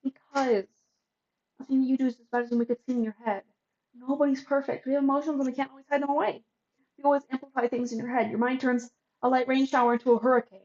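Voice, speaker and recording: A woman voicing a kind young male student who speaks gently and reassuringly. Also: high voice, steady tone, fast, muffled recording.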